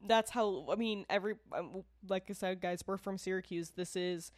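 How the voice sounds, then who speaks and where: A woman co-hosts a laid-back true-crime podcast, speaking frankly and indignantly, often swearing and laughing. Her mid-range voice keeps a fairly even intonation at a normal speed, with no room sound. She isn't from the area where the show is produced.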